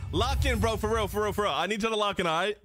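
A young man livestreaming and reacting to his chat, loud, excitable and swearing, recorded on a desk mic indoors. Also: sits high, fast talker, over loud music. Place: indoor streaming setup.

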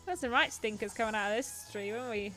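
A woman's voice: a little high, fast, sharp tone, soft background music. A woman hosting a game livestream, joking and bantering with her chat in casual let's-play commentary. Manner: playful, jokey, bantering with chat. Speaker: streamer and show host.

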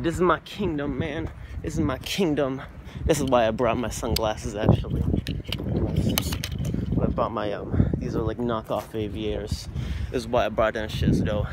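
A man's voice: mid-range voice, heavy background noise. A young man vlogging while walking outdoors at night, rambling in a goofy, profane way into a phone camera. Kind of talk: rambling casual monologue.

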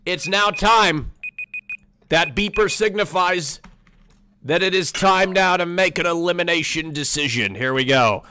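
Bright-voiced teasing game-show host man. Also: sits high, a little slow, slight background noise. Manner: jokey and teasing, laughing between lines. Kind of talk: announcing eliminations in a playful game-show manner.

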